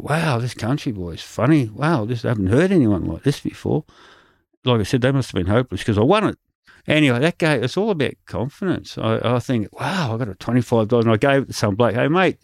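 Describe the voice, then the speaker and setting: Australian comedian guy yarning away, low gravelly voice, bounces into other people's voices, dry close sound. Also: no room sound. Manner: animated anecdotes, acting out others' lines. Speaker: comedian guest. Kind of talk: casual storytelling interview.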